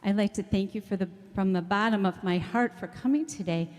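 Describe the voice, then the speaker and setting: A woman's voice: mid-range voice, a little fast, a little mellow. Emotional woman rambling thanks in a hall. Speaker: choir director. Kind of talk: thank-you speech at a church event. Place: church hall with audience. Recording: echoey hall, mic often far off.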